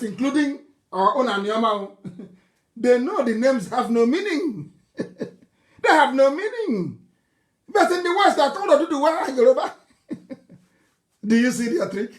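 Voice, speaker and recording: Nigerian man delivering a fiery political broadcast; mocking tone, hammering repetition, sudden shouts. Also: very high-pitched. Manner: fiery, mocking, scornful laughter, repeats phrases, bursts into shouting. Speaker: political activist leader.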